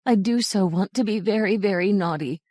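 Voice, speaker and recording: A woman's voice: fairly quick, dark tone, no room sound, close to an everyday voice. Small storybook girls plead through sobs in raised, childlike tones, as a woman reader puts them on. The sound is close and dry. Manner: sobbing, pleading, higher child voice.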